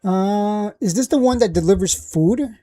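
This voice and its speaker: A man's voice: sits high, measured pace, warm tone. A man hosting a stock live stream, chatting casually and repeating himself while he clicks through screens at home.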